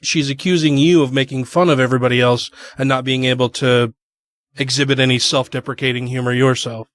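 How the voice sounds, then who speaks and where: A man's voice: mid-range voice, fairly even intonation, fairly quick. A man hosting a podcast, responding to his guest's story with agreement and laughter. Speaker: podcast host. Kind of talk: casual podcast interview.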